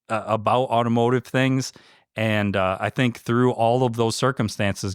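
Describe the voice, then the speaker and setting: A man talks earnestly about his business in a relaxed interview, his low voice smooth and resonant. He speaks with heartfelt emotion and many fillers and restarts. The sound is dry and close. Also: no echo. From Michigan. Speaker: franchise owner, interview guest. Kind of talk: casual interview conversation.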